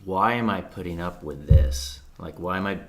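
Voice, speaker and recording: Earnest deep-voiced man reflecting candidly. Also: moderate pace. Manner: earnest, reflective, with frequent "like" and casual swearing. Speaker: podcast guest. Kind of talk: candid conversation.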